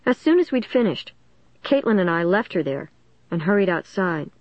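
A woman narrating a first-person suspense story in a steady, dramatic storytelling manner. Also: on the low side, normal speed, no room sound, lo-fi sound. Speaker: audiobook narrator.

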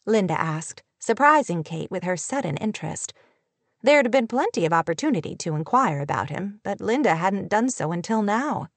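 A woman narrating a novel audiobook in a measured, even storytelling manner, recorded on a close studio mic. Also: medium pitch, no echo. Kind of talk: scripted narration.

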